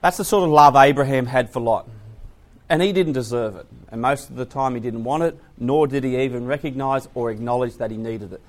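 A man giving an animated, story-driven Bible talk to young people, often breaking into loud exclamations. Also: medium pitch, fairly quick. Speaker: Bible class speaker.

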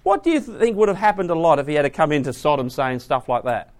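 A man preaching to a class, asking the audience questions and moving between hushed asides and loud emphasis. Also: fairly high pitch, animated, fast. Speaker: preacher teaching a Bible class. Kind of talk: sermon.

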